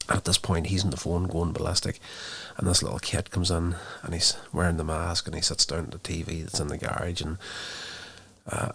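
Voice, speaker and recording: Low gravelly man casually recapping a film. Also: flat delivery, brisk, a bit bright. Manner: rambling plot retelling with many fillers. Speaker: podcast host reviewing a movie. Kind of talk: casual spoken movie review.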